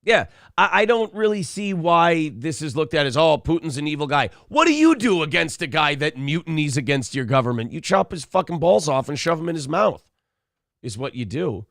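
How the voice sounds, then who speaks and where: A man's voice: on the high side, sing-song, moderate pace, gravelly, fairly bright tone, no echo, clean studio sound. A man co-hosting a morning talk show, joking crudely and reading chat comments aloud. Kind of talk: irreverent comedy chat.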